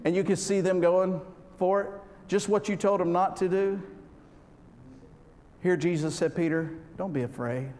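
A man preaching a humorous sermon, folksy and joking, swinging between loud and soft. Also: sits high, flat delivery, unhurried, pauses often. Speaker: pastor. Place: church sanctuary. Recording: reverberant hall with faint background noise.

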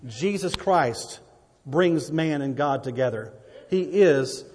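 A man's voice: fairly high pitch, lively intonation, slow, a little mellow, long reverb tail. A man preaching a sermon in church, repeating phrases and swelling then dropping his voice. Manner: preaching with repetitions and swells of volume. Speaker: pastor.

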